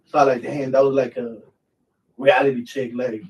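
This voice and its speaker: A man's voice: medium pitch, level tone, moderate pace, a little mellow, a little hiss or hum. Profane, rambling man, distant mic. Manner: profane, rambling with many fillers. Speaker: veteran host. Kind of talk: casual storytelling.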